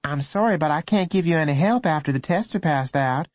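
A man's voice: a little high, fairly quick, no room sound, pitched above the performer's own voice. A man voicing a kindly, firm schoolteacher. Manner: calm, gently firm.

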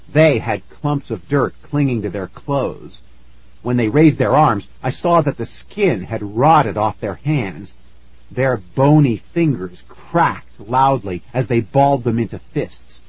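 A man narrating a spooky children's story in an expressive storytelling manner, in a slightly muffled recording. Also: mid-range voice, takes it slowly, breathy edge, no room sound.

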